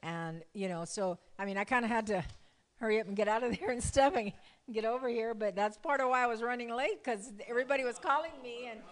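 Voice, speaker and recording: A woman's voice: fairly high pitch, fast. A woman casually telling a faith testimony to a group, chatty, laughing often and leaning on "you know.". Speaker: church member sharing a testimony.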